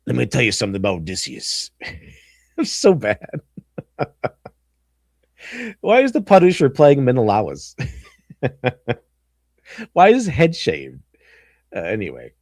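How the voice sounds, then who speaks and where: A man's voice: mid-range voice, wildly swooping pitch, a little slow, pauses often, darkish tone, dry recording, studio quality. Giggly man hosting a meme stream. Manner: giggly, goofy, slips into silly voices. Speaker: stream host. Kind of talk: casual livestream chat reacting to memes.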